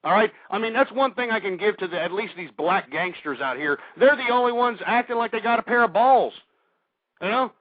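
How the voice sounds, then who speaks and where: A high-voiced man rants angrily as a call-in radio host, snapping and insulting whoever phones in. The sound is dry and thin, squeezed down like an old phone line. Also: animated, brisk, dry recording. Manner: abrasive, insulting, shouting at callers. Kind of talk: aggressive talk radio rant. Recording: dry, tinny phone-like audio.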